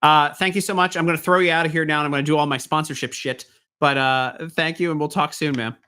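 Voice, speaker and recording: A man's voice: on the high side, steady tone, quick pace, bright, forceful tone, clear, resonant tone. A middle-aged man hosting a casual online talk show, chatting loosely and rambling from one thought to the next. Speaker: host. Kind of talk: casual chat.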